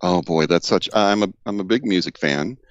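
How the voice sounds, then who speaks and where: A low-voiced American man from the Deep South talks as a guest over a video call. He tells his stories in a relaxed way. His audio is dull and dry. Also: moderate pace, no room sound. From Deep South of the United States. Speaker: interview guest. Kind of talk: casual conversational interview.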